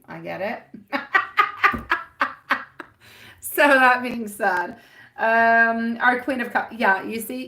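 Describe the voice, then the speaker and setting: A woman's voice: medium pitch, creaky, a bit bright. A woman hosting a live tarot reading, chatty and giggly, calling her viewers sweetie and my love. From France.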